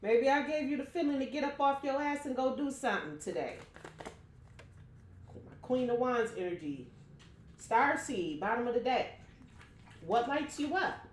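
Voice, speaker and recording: A woman's voice: fairly high pitch, a little hiss or hum. Blunt, chatty woman reading tarot. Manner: chatty, blunt, swears freely, talks straight to viewers. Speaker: tarot reader. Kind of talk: casual tarot reading to camera. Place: home room. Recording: echoey room.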